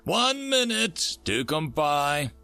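Man playing a stern commanding space admiral, slow deliberate orders, lively bright voice, sci-fi storybook. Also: on the high side, smooth, faint music behind, full character voice. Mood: curt. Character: commanding human space admiral in giant armor.

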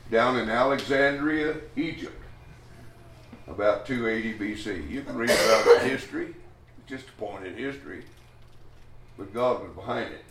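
A man's voice: medium pitch, moderate pace, long pauses, fairly bright tone, slight background noise. A man preaching a sermon, teaching a Bible passage in a folksy, rambling way with restarts and chuckles. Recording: echoey room, voice from a distance.

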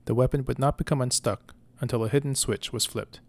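Male storyteller, slow deliberate narration, gravelly mid-pitched voice. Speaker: podcast storyteller. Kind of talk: scripted narration.

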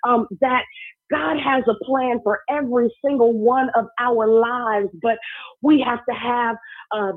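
A woman preaching a sermon in a conversational, storytelling way, often checking in with her listeners. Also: a little high. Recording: tinny phone-line sound.

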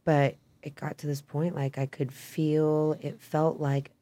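Her low, mellow voice has a flat delivery and a measured pace, with no room sound. She's a young Idaho woman guesting on a podcast, rambling candidly in casual chat, leaning on "like" and "um" and cursing without restraint.

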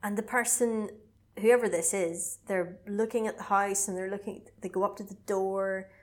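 A woman co-hosting a casual podcast, retelling a film in a chatty, animated way. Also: medium pitch, normal speed. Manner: chatty, animated storytelling with laughs. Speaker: podcast co-host recapping a film. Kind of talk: casual chat.

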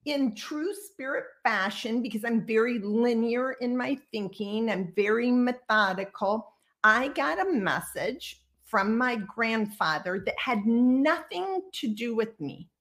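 Sixtyish woman from iowa, kinda high voice, chatty storyteller on a video call, acts out the quotes. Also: a little slow. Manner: lively storyteller who acts out quoted dialogue. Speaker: guest psychic medium. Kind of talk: casual storytelling interview.

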